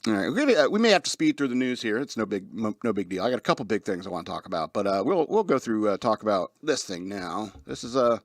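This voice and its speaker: A man's voice: on the low side, big pitch swings, quick pace, hardly any pauses, no echo, clean studio sound. A man hosting a casual radio talk show, rambling with frequent laughs and restarts. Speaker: host.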